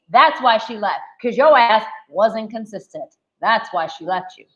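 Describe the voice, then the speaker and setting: A woman's voice: lowish voice, moderate pace, few pauses, fairly bright tone, dull audio. A woman dating coach answering viewer questions in a live Q&A, talking passionately, emphatically and with blunt profanity.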